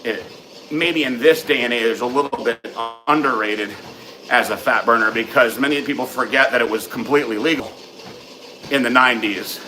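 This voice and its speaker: A man's voice: medium pitch, normal speed, background noise. A man hosting a casual live question-and-answer session, giving frank, matter-of-fact advice with plenty of ums and uhs. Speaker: host answering viewer questions.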